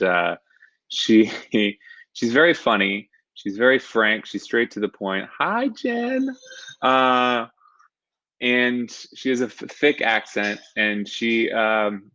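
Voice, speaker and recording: On a live stream captured in dull lo-fi audio, a thirty-something stand-up from California's San Francisco Bay Area recounts something personal, rambling with fillers and chuckling a lot. His voice leans low but bright, with a forceful tone and no room sound.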